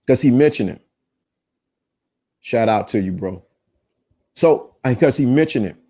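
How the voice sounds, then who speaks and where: A man's voice: mid-range voice, lively intonation, measured pace, mellow, husky. A man hosting a live-streamed relationship podcast, talking to his chat in an emphatic, preachy way and often repeating himself. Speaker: podcast host. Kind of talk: live-streamed self-help talk.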